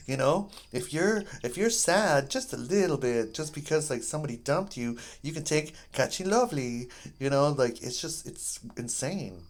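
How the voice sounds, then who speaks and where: A gaming host rambling through casual commentary, joking around and breaking into high-pitched yelps when things go wrong. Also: animated, normal speed. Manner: jokey, playful asides.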